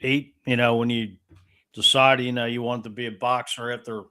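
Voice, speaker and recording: A man's voice: medium pitch, level tone, normal speed, sharp tone. A man hosting a casual interview, asking loose, rambling questions full of fillers. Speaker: podcast host.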